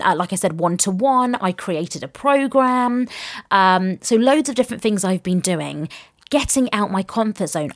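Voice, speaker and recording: A woman's voice: medium pitch, dry recording, studio quality. A young adult woman hosting a casual solo podcast, chatty and upbeat, laughing often as she gives motivational business advice. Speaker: podcast host and business coach.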